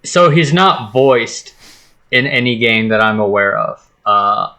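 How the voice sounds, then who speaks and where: A man co-hosting a casual movie podcast, measured and a little hesitant, with wry jabs. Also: mid-range voice, lively intonation, pushed and bright. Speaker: podcast co-host. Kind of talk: casual chat.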